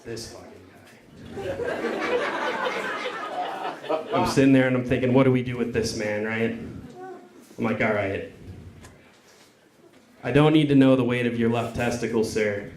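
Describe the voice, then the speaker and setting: A man performing a stand-up comedy set on a club stage, cursing and acting out callers in quick voices. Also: mid-range voice, fairly even intonation. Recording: echoey club with crowd. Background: audience laughing.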